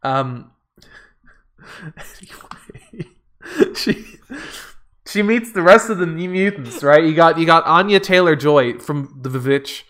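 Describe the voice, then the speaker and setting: A man's voice: on the high side, lively intonation, slow pace, long pauses, a bit bright. A man in casual chat, recapping a movie with sarcastic, profane jokes and frequent laughs. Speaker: podcast co-host.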